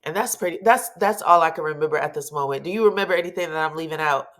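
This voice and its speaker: Woman host, reality TV recap, sassy and animated, lowish voice; acts out the quotes. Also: racing. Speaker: commentary show host.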